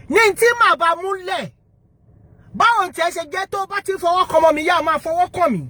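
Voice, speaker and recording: A woman's voice: extremely high pitch, animated, fairly quick, sharp tone, a little hiss or hum. A woman with a Yoruba Nigerian accent giving emphatic live-stream commentary to her viewers, firing rhetorical questions as she switches between English and Yoruba. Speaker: online motivational speaker.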